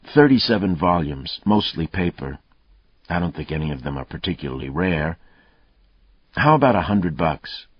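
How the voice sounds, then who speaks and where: A man reading a story, voicing a veteran police detective who talks calmly in clipped, needling lines. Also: sits low, moderate pace, slightly rough, dry recording. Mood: matter-of-fact. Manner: taunting, calm, clipped threats. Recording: dull, muffled dry audio.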